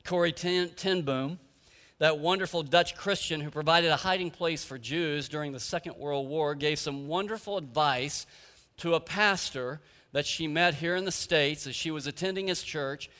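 A man's voice: on the high side, moderate pace, bright, forceful tone. A man preaching a sermon as pastor, earnest and emphatic, with rhetorical questions, in a church sanctuary. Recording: echoey hall with long reverb.

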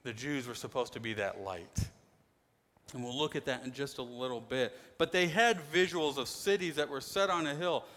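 A man's voice: medium pitch, normal speed. Emphatic male pastor preaching in a hall. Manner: emphatic preaching, swings from loud to soft. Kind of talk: sermon. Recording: long hall reverb.

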